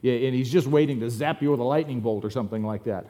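Man preaching with relaxed joking asides. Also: medium pitch, fast. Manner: relaxed joking storyteller, self-deprecating asides. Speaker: pastor. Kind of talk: sermon. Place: church sanctuary.

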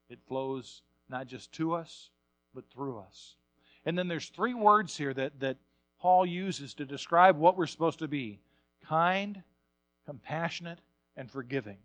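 A male pastor preaching a sermon, repeating words as he builds up, swinging from quiet asides to loud bursts. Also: fairly high pitch.

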